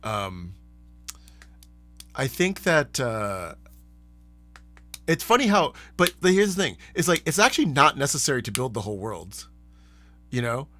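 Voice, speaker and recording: A man hosting a live stream, chatting casually in a rambling, animated way and laughing often. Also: medium pitch, unhurried, long pauses, faint music behind. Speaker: streamer and host.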